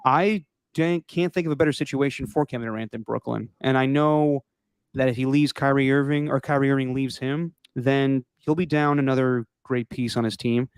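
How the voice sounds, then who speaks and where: A man hosting a sports podcast in casual chat, rambling and opinionated, his voice going hoarse. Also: medium pitch, steady tone, moderate pace, no echo, studio quality. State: losing his voice. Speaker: podcast host.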